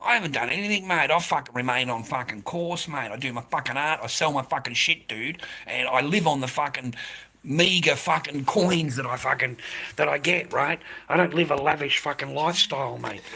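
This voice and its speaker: Australian man, swearing livestream rant, bright husky voice, heated. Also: fairly high pitch, brisk. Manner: swearing, heated, repeats himself.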